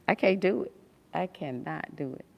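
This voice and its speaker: A low-sitting voice with vocal fry comes through a muffled recording. The speaker, an adult woman with a son who hosts an astrology livestream, chats loosely from a hospital room, going through viewer comments and laughing often.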